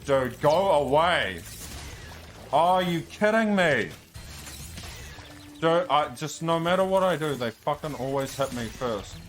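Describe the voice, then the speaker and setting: Man, speedrunner narrating his own gameplay, slow easygoing delivery, flares up into swearing, faint game music behind. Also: on the high side, expressive. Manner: frustrated, swears and shouts at enemies. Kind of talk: live gameplay commentary.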